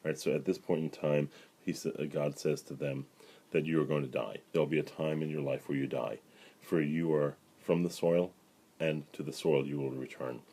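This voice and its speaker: Middle-aged rabbi guy, super low voice, kinda husky, chatty bible class with lots of ums and right?s. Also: steady tone, normal speed, warm tone. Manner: conversational, many fillers and "right?" asides, paraphrases dialogue. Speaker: rabbi teaching the weekly Torah portion. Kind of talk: casual spoken Bible lesson.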